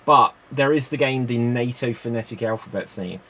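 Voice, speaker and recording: A man's voice: mid-range voice, moderate pace, fairly bright tone. A man hosting a live-streamed improv show, chatty and rambling between games.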